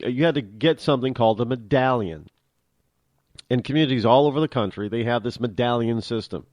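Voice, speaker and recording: A man holds forth on his talk show in an unscripted monologue. His pitch swings widely as he presses his points, and he often doubles back and repeats words mid-thought. The voice is mid-pitched and recorded close and dry, with no room sound. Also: darkish tone, no room sound. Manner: conversational, emphatic, frequent restarts and repeated words. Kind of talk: opinionated monologue.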